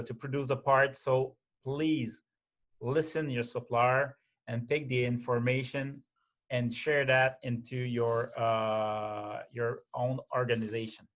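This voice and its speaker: A man presents in a webinar at an ordinary middle pitch. He halts and restarts often and keeps asking his listeners "okay?" to check they follow. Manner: halting, many restarts and fillers, repeated "okay?".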